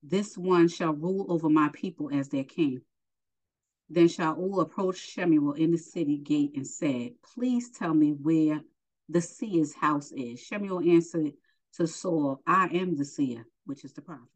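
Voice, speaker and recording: A woman's voice: low-pitched, measured pace, low-quality recording. A woman teaching a Bible lesson, reading scripture aloud and stopping to explain it in casual asides.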